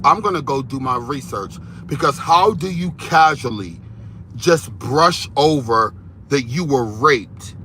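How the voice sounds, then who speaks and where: Man gossiping with bright, tense voice. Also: mid-range voice, a little hiss or hum. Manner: animated, rambling, repeats words. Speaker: commentator. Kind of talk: casual gossip commentary.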